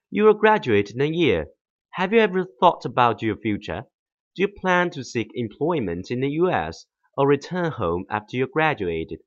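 A man's voice: medium pitch, no echo. A man hosting a campus radio interview, speaking in a formal, somewhat stiff scripted way. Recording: dull lo-fi recording.

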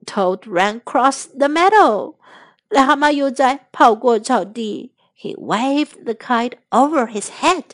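Woman reading a kids story in two languages, high voice, really slow and sing-songy. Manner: slow, careful, expressive. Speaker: storyteller and English teacher. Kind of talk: bilingual storybook narration for children.

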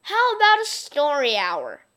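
A woman doing a sweet, gentle teacher. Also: high voice, huge pitch swings, unhurried, pitched above the performer's own voice, heavily acted. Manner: sweet, soft-spoken. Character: sweet, gentle female schoolteacher.

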